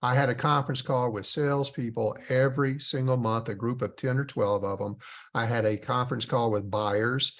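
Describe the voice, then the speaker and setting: A man's voice: medium pitch, steady tone, normal speed, a bit bright. A middle-aged man hosting a business podcast, telling stories in a blunt, emphatic way with some mild cursing. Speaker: podcast host.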